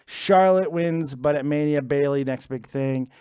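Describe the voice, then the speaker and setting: A man's voice: a little high, a little slow, a little mellow, clean tone, no echo, clean studio sound. A man hosting a live wrestling prediction stream from home, chatty and joking as he reads out the chat. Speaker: wrestling show host.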